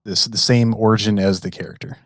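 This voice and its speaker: Low-voiced American man telling stories on a podcast. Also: fairly quick, no room sound. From United States. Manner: relaxed storyteller, modest and self-deprecating. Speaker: podcast guest. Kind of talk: casual podcast interview.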